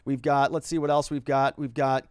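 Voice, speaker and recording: A lawyer running a relaxed legal livestream responds to viewer comments he reads out, chatting loosely, restarting phrases and often tacking on "right?" His mid-range voice is smooth and flat, at a moderate pace, in a dry studio-quality recording.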